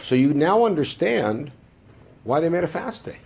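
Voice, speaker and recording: A man teaching a Torah class, asking the room rhetorical questions and answering them himself, dropping into low asides and rising to emphatic high points. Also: very animated, moderate pace, gravelly, a little mellow, a little hiss or hum. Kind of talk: classroom lecture.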